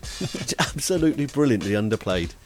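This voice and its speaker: Playful man, lively podcast banter. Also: mid-range voice, brisk, music in the background. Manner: playful, jokey, slips into silly voices. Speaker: podcast co-host.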